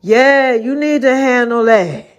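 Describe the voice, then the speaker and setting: A woman hosting her own podcast, sharing a faith testimony in loose, slangy talk. Her voice sits somewhat high, and she jumps into the voices of the people she quotes. She laughs often along the way. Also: slow, lo-fi sound. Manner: laughs often while talking. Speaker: podcast host. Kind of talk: casual faith testimony storytelling.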